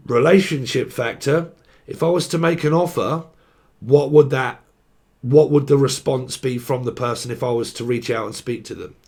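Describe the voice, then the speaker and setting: A man's voice: mid-range voice, moderate pace, a little mellow. A young man giving a tarot reading in a loose, rambling way, swearing freely and laughing at his own jokes. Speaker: tarot reader. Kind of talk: casual unscripted tarot reading.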